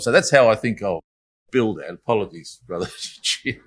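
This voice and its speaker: A man's voice: fairly low pitch, lively intonation, normal speed, slightly rough. A man giving a Bible study talk in a conversational, reflective way, with apologetic asides. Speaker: Bible speaker.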